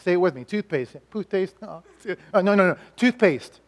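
A middle-aged man preaching a sermon, telling stories in an animated way and swinging between loud lines and hushed ones. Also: high-pitched, fast talker. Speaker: pastor and chaplain.

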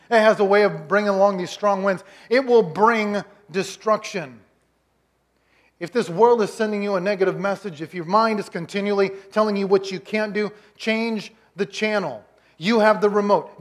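Male pastor, high voice, emphatic storytelling sermon. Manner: storytelling, emphatic, rhetorical questions.

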